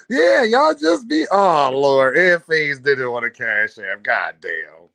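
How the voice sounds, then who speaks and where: A man hosting a casual livestream, reading out donations and talking straight to his chat, animated and laughing often. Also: fairly high pitch, measured pace, dry recording. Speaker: livestream host.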